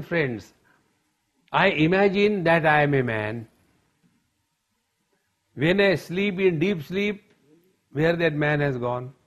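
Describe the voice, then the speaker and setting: A man giving a spiritual discourse as a teacher, telling stories in a playful way and often addressing the audience as friends. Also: a little high.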